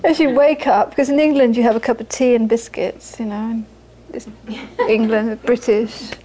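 Her voice is a little high and steady in tone as she moves at normal speed through a live Buddhist talk, with a noisy background behind her. The teacher speaks earnestly to her audience, repeating phrases for emphasis and laughing while she tells stories.

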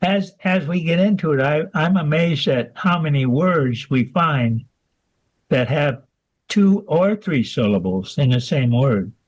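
Man, somewhat high voice, hesitant restarts, explaining. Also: animated, measured pace, poor audio. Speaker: haiku group member. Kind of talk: casual group interview.

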